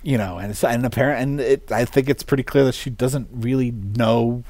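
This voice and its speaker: A man's voice: mid-range voice, dry recording. Man retelling a film scene casually. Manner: relaxed, halting, retells scenes. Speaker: podcast co-host.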